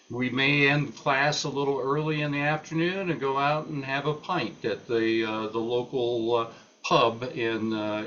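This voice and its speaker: An older retired professor giving an unscripted talk at a meeting, halting and full of fillers and restarts. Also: male voice, medium pitch, a bit bright, lo-fi sound, a little hiss or hum.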